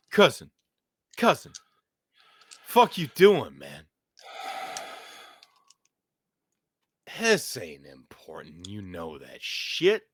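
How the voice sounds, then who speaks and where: A gruff, foul-mouthed inner beast , as a man puts him on, needling his host in a thick Chicago accent. The voice jumps between barking highs and low growls in a dry, close recording. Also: huge pitch swings, slow pace, a bit bright, dry recording, full character voice. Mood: taunting. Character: gruff male inner beast, crude and taunting.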